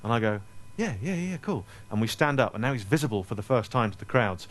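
A man, telling comic anecdotes to a live audience at a store event in a self-deprecating, animated way. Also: on the low side, fast. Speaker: author speaking at a store event.

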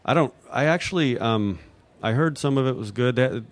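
At an audience Q&A, a guest from New Mexico, USA, answers in an animated, medium-pitched voice at normal speed. His replies ramble without a script, and he hesitates, uses fillers, and starts over frequently.

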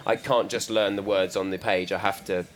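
A man's voice: low-pitched, steady tone, normal speed. A man, an actor, answering questions at a live panel, hesitant and self-deprecating, with frequent restarts. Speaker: actor and film star. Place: live panel event in a store.

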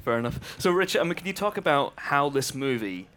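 A man's voice: on the high side, lively intonation, brisk, a bit bright. A man with an English accent hosting a talk show, chatting and laughing easily with his guests. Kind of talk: casual chat.

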